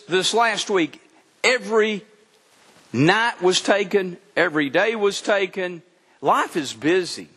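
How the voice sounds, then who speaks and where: A man preaching a sermon as pastor, animated and acting out the Bible dialogue. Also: high voice, breathy edge. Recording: long hall reverb.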